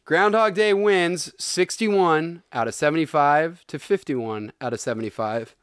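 A man's voice: a little high, unhurried, background noise. A man co-hosting a movie podcast in casual chat, talking in an eager, rambling way and often repeating favorite lines.

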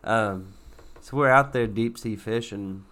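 A man's voice: on the low side, a little slow, sharp tone. A man co-hosting a podcast, telling a ridiculous story with mock-earnest sincerity in loose, rambling casual chat. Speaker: podcast co-host. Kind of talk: casual chat, absurd tall tales.

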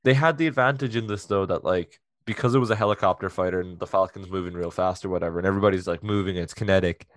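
A man co-hosting a podcast, chatting casually and excitedly about a TV episode, joking a lot and saying "like" often. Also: sits low, racing, few pauses, no room sound, clean studio sound. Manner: excitable and jokey, with many "like" fillers. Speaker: podcast co-host. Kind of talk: casual chat reviewing a TV episode.

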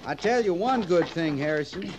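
An actor playing a cavalry sergeant who needles a trooper in a wry, deadpan way. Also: male voice, high-pitched, normal speed, highs cut off, noisy background. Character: dry-humored male cavalry sergeant. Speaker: army sergeant. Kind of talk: vintage TV western drama.

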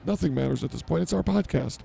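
A man's voice: a little high, fast talker, creaky, warm tone, breathy edge. A man hosting a comedy podcast who blurts things out and mocks himself in improvised banter. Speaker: podcast host.

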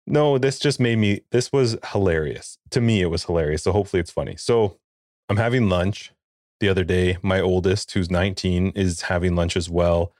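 A man's voice: deep voice, normal speed, no echo, clean studio sound. A man in his forties, a podcast co-host, telling a funny family story in casual chat and acting out the quotes. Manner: animated storyteller, acts out quotes.

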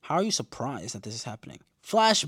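A man casually recapping a TV episode in slangy, animated talk, acting out the characters' lines as he goes. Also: mid-range voice, a little fast, breathy edge, no room sound, studio quality. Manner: animated, slangy, acts out quotes. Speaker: show recapper.

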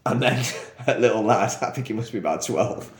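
A man's voice: mid-range voice, brisk. Give me a young man co-hosting a podcast, chatty and rambling, laughing as he talks, with a roomy echo. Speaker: podcast co-host. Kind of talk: casual storytelling chat.

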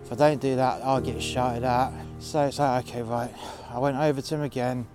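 Blunt, sarcastic male storyteller, mid-pitched, with music underneath. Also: steady tone, normal speed, darkish tone. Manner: blunt, sweary and sarcastic, voicing the people in his story. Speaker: narrator of a workplace story. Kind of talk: storytelling monologue. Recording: music playing behind the voice.

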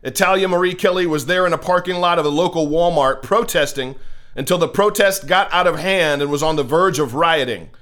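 An American man hosts a political commentary show, his fairly high, slightly bright voice moving briskly. His opinionated monologue is impassioned and preachy, and he often repeats words as he starts a thought.

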